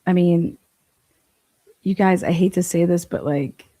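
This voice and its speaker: A woman's voice: on the low side, steady tone, measured pace, warm tone, no room sound. Crude, laughing woman livestream host. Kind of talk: casual reaction commentary.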